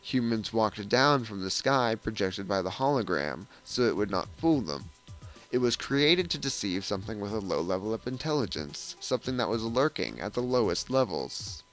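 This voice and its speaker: Guy reading a game out loud for a let's play, pitch all over the place, snarky asides, faint music behind. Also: normal speed, poor audio. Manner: lively, switches between reading and sarcastic asides. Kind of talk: reading game text aloud with commentary.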